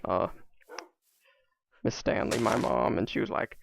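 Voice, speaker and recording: A man's voice: fairly low pitch, unhurried, creaky, background noise. A man vlogging alone, telling stories in a casual, rambling way full of fillers and asides. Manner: rambling, many fillers, self-interrupting asides.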